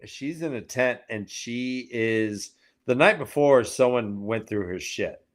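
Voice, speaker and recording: A man co-hosting a casual book-club show, recapping chapters with animated storytelling and jumping into high mocking character voices. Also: slow. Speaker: podcast co-host recapping chapters.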